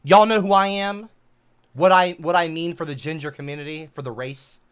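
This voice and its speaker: A woman livestreamer in a comedic rant, indignant and breaking into shouted outbursts. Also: low-pitched, fairly even intonation, moderate pace, clean tone, dry recording.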